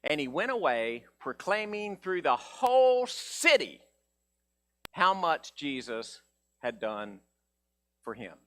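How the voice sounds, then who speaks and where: A male pastor preaching a folksy sermon, acting out the characters' voices. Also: medium pitch. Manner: folksy, animated, acts out voices of Bible characters.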